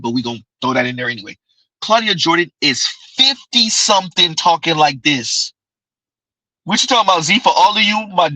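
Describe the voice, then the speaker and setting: Bright, crisp-voiced male commentator. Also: high voice, no room sound, poor audio. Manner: emphatic, conversational, repeats key phrases. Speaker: commentary channel host. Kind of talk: casual commentary reacting to clips.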